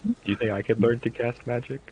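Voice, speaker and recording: A man playing a character in a tabletop game, talking in a goofy, slow, deadpan way. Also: medium pitch, dull audio, a little hiss or hum. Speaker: player.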